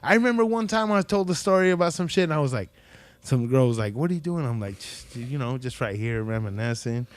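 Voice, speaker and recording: A man hosts a podcast, spinning loose, profane stories in casual conversation and acting out what other people said. His mid-range voice is brisk, clear, and resonant, with no echo.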